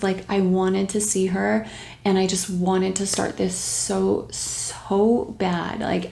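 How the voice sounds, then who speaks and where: A young woman tells a personal story to camera in a casual, animated way. She acts out her own thoughts in quotes and adds small laughs. Her voice sits at a mid pitch, and the room around her is echoey. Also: vocal fry. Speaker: video host sharing a personal story. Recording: roomy echo.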